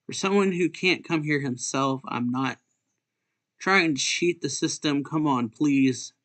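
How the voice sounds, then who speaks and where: A man voicing a desperate, hot-tempered young male prisoner from a comic, his voice pitched up and louder. He sounds worn down and close to snapping. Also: measured pace. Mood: pleading.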